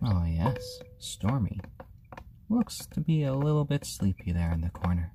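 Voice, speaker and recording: A man chatting on a live stream in a calm, soothing way, often talking gently to baby chicks. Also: low voice, moderate pace, slight background noise. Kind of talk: casual live-stream chat. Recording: chirping baby chicks behind.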